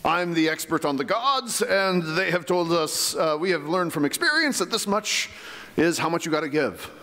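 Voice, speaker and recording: A man's voice: a little high, lively intonation, moderate pace, pushed and bright, big-room sound. A man preaching a sermon as pastor, in a conversational way full of rhetorical questions. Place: church sanctuary.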